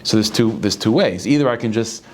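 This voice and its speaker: A male rabbi giving a Torah lecture. He talks in halting bursts, restarting and repeating words as he thinks aloud. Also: lowish voice, a little hiss or hum.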